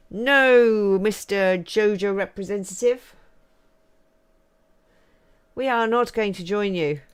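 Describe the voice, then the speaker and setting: A woman chatting casually and laughing as she streams a cosy farming game. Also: sits low. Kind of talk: cosy game livestream chat.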